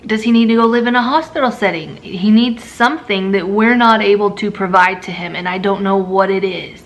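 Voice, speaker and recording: Tired mother venting to her viewers, with a gravelly, fry-heavy voice at a middle pitch. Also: fairly quick. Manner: weary, drained venting. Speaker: mother vlogger. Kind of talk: candid personal vlog.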